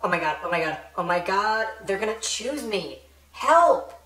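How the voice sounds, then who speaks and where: A man's voice: high voice, big pitch swings, moderate pace, a crowd in the background, voice pushed up. A man voicing a panicking young girl who babbles in frantic repetition. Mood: panicked. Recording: roomy echo.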